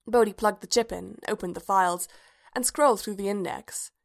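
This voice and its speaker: A woman's voice: mid-range voice, normal speed, creaky. Woman reading a story aloud. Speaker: reader. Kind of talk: storybook narration.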